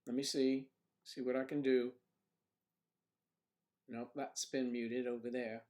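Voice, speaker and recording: A gravelly-voiced man chats on a livestream through a desk computer mic. He keeps clearing his throat and half-mutters to himself as he pokes at his settings, speaking at an ordinary pitch. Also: level tone, slow, dark tone. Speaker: livestream host. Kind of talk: casual livestream chat while fixing tech trouble. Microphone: computer microphone at a desk.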